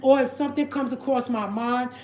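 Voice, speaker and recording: A woman's voice: fairly high pitch, fairly even intonation, brisk, a little mellow, roomy sound, slight background noise. A woman hosting a livestream, ranting heatedly and repeating herself as she calls her viewers family. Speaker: livestream host. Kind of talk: emotional livestream rant.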